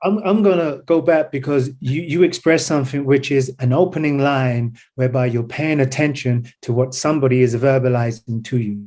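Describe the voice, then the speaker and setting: A man's voice: mid-range voice, moderate pace, few pauses, darkish tone. A man who teaches Pilates and breath work, a podcast guest talking earnestly and with emphasis. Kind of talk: casual conversation.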